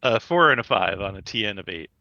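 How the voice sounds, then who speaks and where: A man's voice: fairly low pitch, animated, fast, gravelly, pushed and bright, dry recording, dull audio. A man playing a tabletop game, laid-back and laughing often. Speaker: player.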